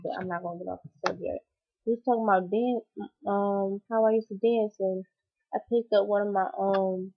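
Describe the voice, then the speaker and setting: A young woman telling a personal story on her channel, rambling and emotional with many fillers. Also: medium pitch. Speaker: vlogger. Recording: dull lo-fi recording.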